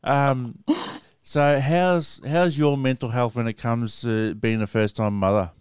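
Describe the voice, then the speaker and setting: A man's voice: medium pitch, steady tone, measured pace, darkish tone, clear, resonant tone, no room sound, studio quality. An Australian man hosting a live stream, chatting casually with callers and swearing freely.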